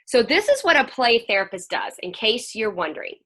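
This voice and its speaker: A middle-aged woman counselor gives a chatty, folksy talk over a video call. She sometimes slips into children's voices as she tells her stories. Her voice sits on the higher side and sounds bright and forceful. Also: big pitch swings, fairly quick. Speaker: counselor and play therapist.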